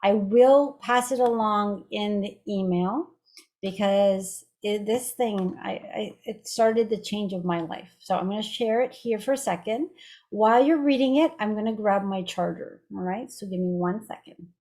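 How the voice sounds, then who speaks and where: A woman's voice: medium pitch, a little slow, a little mellow. A woman hosting a group video call, telling a personal story in a chatty, rambling way with frequent restarts and asides. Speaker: group call host and healer.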